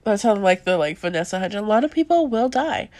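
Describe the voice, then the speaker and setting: A young woman hosting a casual podcast about movies, talking in an animated way with a lot of fillers and frequent laughter. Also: mid-range voice, fast talker, no room sound. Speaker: podcast host. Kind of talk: casual chat reviewing movies.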